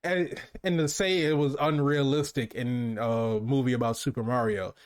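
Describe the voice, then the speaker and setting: A man's voice: medium pitch, fairly even intonation, normal speed, smooth. Male co-host, casual film-review chat, meandering delivery full of restarts. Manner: rambling, many restarts and fillers.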